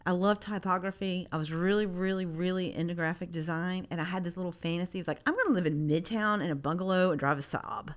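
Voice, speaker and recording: A woman's voice: lowish voice, fast, few pauses. A middle-aged woman artist from Memphis, talking casually in an interview, rambling with many restarts. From Memphis, Tennessee. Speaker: artist guest.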